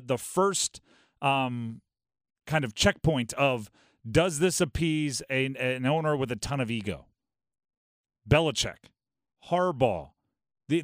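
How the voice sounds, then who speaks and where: A man hosting a sports talk radio show, talking in an animated, quick way and dropping into mock voices for bits. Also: mid-range voice, dry recording, clean studio sound. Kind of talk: casual sports talk monologue.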